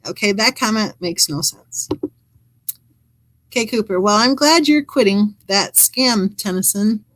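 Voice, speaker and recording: A woman's voice: medium pitch, a little slow, rough recording. A woman hosting a true crime channel, reading live chat comments aloud and adding wry, chatty asides.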